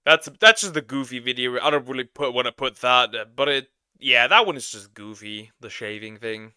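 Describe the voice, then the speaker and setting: A man reacting to a video as a streamer, in animated casual commentary with sudden loud outbursts. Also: mid-range voice, normal speed, clear, resonant tone, no room sound.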